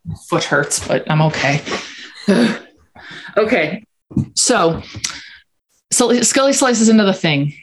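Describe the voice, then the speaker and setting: A woman's voice: medium pitch, animated, takes it slowly, pauses often, a little hiss or hum, rough recording. A woman co-hosting a podcast, chatting casually with joking asides while recapping a TV episode. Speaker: podcast co-host.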